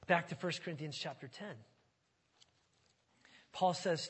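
Pastor guy preaching, high voice, gets loud then goes real quiet. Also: a little slow, long pauses, slightly rough. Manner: animated storytelling, wide swings from loud to hushed. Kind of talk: sermon.

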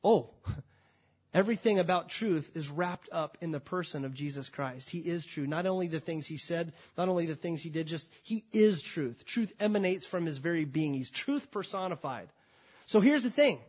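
A man preaching a sermon to a congregation, emphatic, swinging between loud declarations and quiet, drawn-out phrases. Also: on the high side, lively intonation, breathy edge. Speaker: pastor. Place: church before a congregation.

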